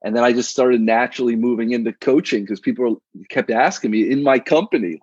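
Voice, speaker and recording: A man's voice: mid-range voice, brisk, hardly any pauses, darkish tone, husky, dry recording, dull audio. A man in his thirties, a coach and guest on a casual podcast, talking in a laid-back, slangy way with frequent restarts.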